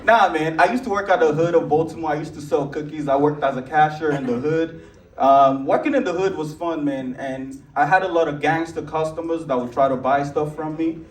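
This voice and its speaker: A young man with a Nigerian accent doing a stand-up comedy set, animated and jumping into a high voice for acted quotes. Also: fairly quick. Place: large theater stage with live audience. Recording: roomy theater sound, distant mic, loud audience laughter.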